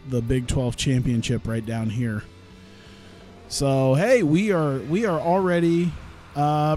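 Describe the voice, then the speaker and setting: A man with a slightly higher-than-average voice rambles through casual commentary on his own gameplay. He often breaks off mid-sentence and chuckles at his own ideas. Soft music plays faintly under his talk. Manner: rambling, self-interrupting, laughs at own jokes. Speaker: gaming streamer.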